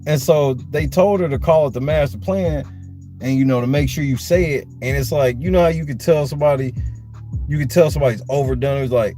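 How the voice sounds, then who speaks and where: Animated, high-voiced, profane man. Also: brisk, faint music behind. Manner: animated, profane, slangy, mocking. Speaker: podcast host. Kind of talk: casual reality-TV recap chat.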